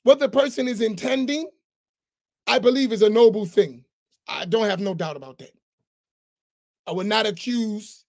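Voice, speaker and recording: A man's voice: sits high, normal speed, creaky, long pauses. A man, an imam on an online roundtable, making his point firmly and insistently, step by step. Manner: firm, insistent, reasoning step by step.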